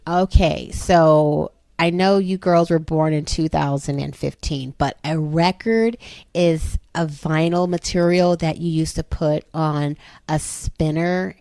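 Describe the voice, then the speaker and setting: A woman's voice: low-pitched, steady tone, slow, warm tone, no room sound, clean studio sound. A woman in her thirties, a homeschooling mother, patiently explaining a phonics lesson to her children step by step.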